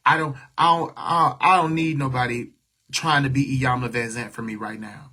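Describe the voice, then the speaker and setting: A man's voice: mid-range voice, steady tone, normal speed, pushed and bright. A man venting to viewers on a livestream, blunt and talking back to their comments. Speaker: livestream host.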